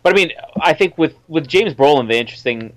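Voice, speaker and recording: A man co-hosting a casual film chat, talking in a measured, explanatory way. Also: fairly high pitch, expressive, fairly bright tone, slight background noise. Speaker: podcast co-host.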